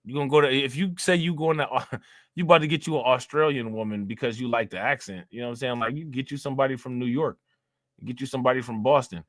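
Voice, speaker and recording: A young man talks loosely to his stream. He keeps circling back with fillers and restarts. His voice is bright and forward and sits close and dry on the mic. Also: mid-range voice, fast, dry recording. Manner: loose and conversational, fillers and repeats. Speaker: livestream commentator. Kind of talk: casual live commentary reading chat.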